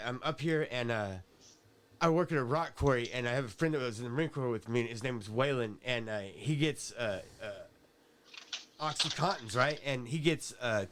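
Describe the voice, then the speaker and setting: A man's voice: medium pitch, a bit bright. A man as a podcast guest, telling a rambling, profane story in casual chat and tagging his sentences with "right?".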